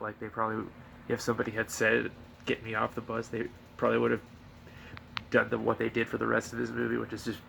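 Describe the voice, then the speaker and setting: Gravelly man rambling through a review. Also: on the low side, pushed and bright, a little hiss or hum. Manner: rambling, profane, many fillers and restarts. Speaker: movie reviewer. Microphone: camera filming himself.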